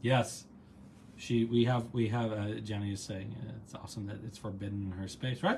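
A man's voice: fairly low pitch, fairly even intonation, normal speed, background noise. A man hosting a casual live gratitude practice, chatty and encouraging, reading out viewers' comments and wandering into side stories. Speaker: host and coach leading a live online session.

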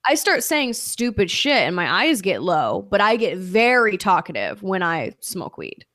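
A woman comedian chatting as a podcast guest, brash and animated, swearing freely as she tells stories. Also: medium pitch, unhurried, no echo, clean studio sound. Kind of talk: casual podcast chat.

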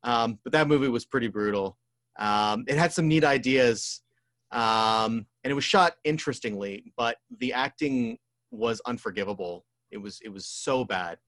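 A man of middle pitch on a podcast, talking loosely and at length. He pauses often on "um" and "like" while he gathers his thoughts. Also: a bit bright. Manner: rambling, full of "um" and "like". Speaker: podcast co-host. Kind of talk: casual chat about movies.

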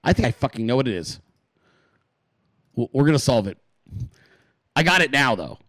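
A man hosting a podcast in a casual, profane rant, acting out quick voices in his stories. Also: medium pitch, dry recording. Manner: animated, swears a lot, acts out voices in his stories. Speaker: podcast host.

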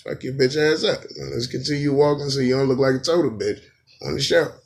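Animated, profane man telling a funny story. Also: mid-range voice, a little fast, creaky. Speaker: podcast host. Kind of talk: comedic storytelling.

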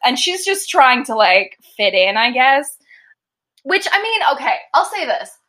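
A woman's voice: high-pitched, sing-song, a little slow, pushed and bright. A young woman co-hosting a casual chat about a TV episode, laughing often and acting out quotes. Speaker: podcast co-host.

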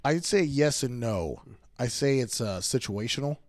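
A young man co-hosts a casual podcast at a middle pitch. He tells animated stories and swears freely. The recording is close and dry. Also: normal speed, dry recording. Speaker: podcast co-host. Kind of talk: casual chat.

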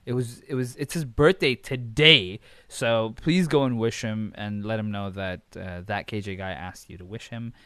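A man's voice: fairly low pitch, normal speed, hardly any pauses, pushed and bright, clean tone, dry recording. Swearing, rambling male podcast host. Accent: switches between accents. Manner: rambling, swears freely, self-correcting. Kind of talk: casual solo podcast talk.

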